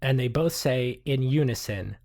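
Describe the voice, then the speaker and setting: A man's voice: mid-range voice, moderate pace, darkish tone. Hesitant man narrating as game master.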